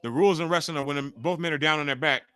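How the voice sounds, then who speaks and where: Profane forties streamer, higher voice, dry close sound, casual watch-along host. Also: male voice, fast, clear, resonant tone, no room sound. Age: 40s. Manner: profane, ranting, excitable reactions.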